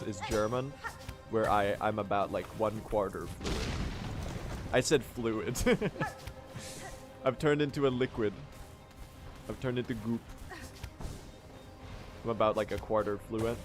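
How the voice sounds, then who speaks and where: A man's voice: lowish voice, slow, pauses often, music in the background. A young man chatting casually on a speedrun stream, self-mocking and laughing often. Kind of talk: casual live-stream chat.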